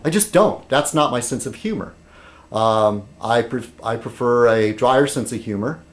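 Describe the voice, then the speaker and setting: A man's voice: medium pitch, expressive, normal speed. A man vlogging in a rambling casual monologue, meandering and interrupting himself, with dry humor.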